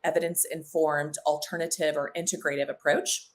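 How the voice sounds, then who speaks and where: Woman guest, low pitch, heartfelt and eager, fluent. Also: little pitch movement, moderate pace. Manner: heartfelt, fluent, enthusiastic lists. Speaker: naturopathic oncologist, guest. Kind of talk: casual podcast interview.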